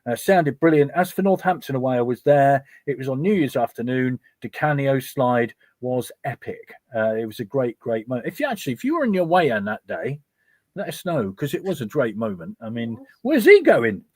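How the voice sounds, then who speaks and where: A man's voice: medium pitch, animated, a little fast, a little mellow, dry recording. A man hosting a casual fan talk show, chatty and reading out listener messages. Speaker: host.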